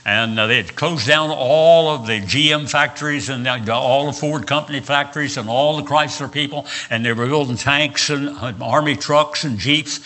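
A man's voice: mid-range voice, normal speed, few pauses, pushed and bright. An older man from West Virginia with a Southern accent, preaching a sermon and telling folksy personal stories with frequent "uh"s and repeated words.

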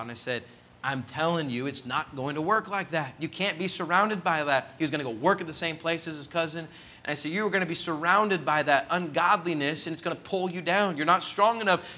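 A man preaching, telling a long personal story earnestly and with emphasis, and quoting others as he goes. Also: a little fast. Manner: earnest, emphatic, builds to loud high peaks when quoting others. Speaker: pastor. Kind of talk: sermon storytelling.

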